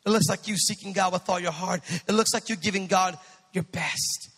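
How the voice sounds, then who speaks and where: A male pastor delivers an impassioned sermon in a very high, gravelly voice, building to shouts and tossing quips to his congregation. His bright tone rings out through a long-reverberating church hall. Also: steady tone, moderate pace. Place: church sanctuary.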